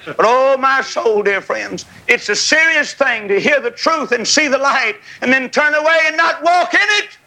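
A man preaches a revival sermon in a folksy, fiery way, climbing into shouted peaks. His voice sits high and rings very bright and forceful. A congregation answers him with amens under the tent. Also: normal speed, poor audio. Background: congregation calling amen.

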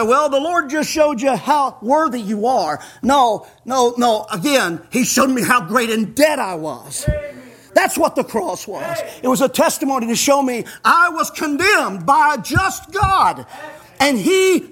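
A man preaching a folksy sermon in a very high, husky voice. He chuckles along, peppers his lines with "amen," and builds to fervent shouts. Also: big pitch swings, unhurried. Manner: punctuates with "amen".

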